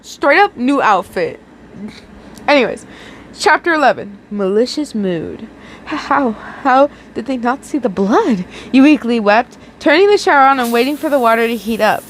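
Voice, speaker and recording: Young girl reading fanfic out loud, kinda high voice, faint hum behind. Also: normal speed, reverberant, long reverb tail. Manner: expressive, breaks off to react and joke. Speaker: fanfic reader.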